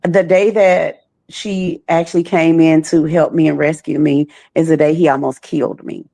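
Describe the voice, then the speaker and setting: A woman survivor recounting her past in a halting, slow way, often repeating phrases. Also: low-pitched, little pitch movement, mellow, no echo. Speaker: trafficking survivor guest. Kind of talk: personal testimony.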